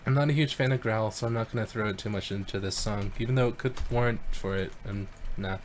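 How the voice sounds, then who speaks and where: A man chatting casually on a live stream, relaxed and self-deprecating as he answers questions from chat. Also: lowish voice, fast, background noise. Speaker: singer streaming voice synth tuning.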